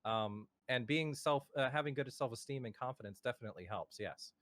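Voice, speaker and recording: A man's voice: medium pitch, brisk, fairly bright tone, dry recording. A young man hosting a casual podcast from home over a voice call, rambling with many fillers and restarts. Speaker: podcast host. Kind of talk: casual chat. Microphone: home mic over a voice call.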